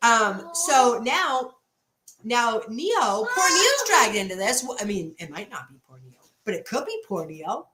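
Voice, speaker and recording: A woman's voice: a little high, unhurried. A woman hosting a casual reaction livestream, talking bluntly and swearing freely. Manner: blunt, profane, animated. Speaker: livestream commentary host. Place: home, Boston.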